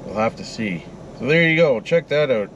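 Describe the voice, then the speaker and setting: A man gives easygoing running commentary outdoors in the cold. His pitch rises and falls a lot as he chats to the drone and the birds. Steady background noise runs under the recording. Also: moderate pace, muffled recording. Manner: chatty, talks to the drone and birds. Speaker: vlogger flying a drone. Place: outdoors by a frozen river and a truck in the cold.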